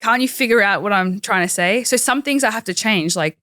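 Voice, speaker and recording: Brisk and sharp-toned, a young Australian woman talks casually at a medium pitch while guesting on an interview in the studio. She's a professional wrestler, chatty, and full of "like" fillers. There's no room sound, only clean studio audio.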